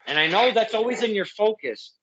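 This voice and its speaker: Effusive high-voiced man hosting. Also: expressive, a little fast, a bit bright, husky, dull audio. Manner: effusive, heartfelt, rambling with restarts. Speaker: podcast host. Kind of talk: casual interview.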